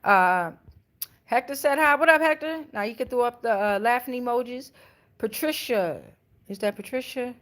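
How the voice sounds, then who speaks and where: A woman's voice: fairly high pitch, moderate pace, fairly bright tone. A middle-aged woman, hosting a casual tarot livestream, reading chat comments in loose, profane slang and laughing often.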